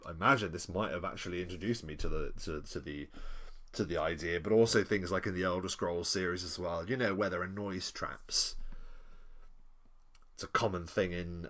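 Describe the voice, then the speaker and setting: Deep-voiced man, chatty live streamer, rambling, apologetic. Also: a bit bright. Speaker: streamer reviewing an old adventure module. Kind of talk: live-stream commentary with chat reading.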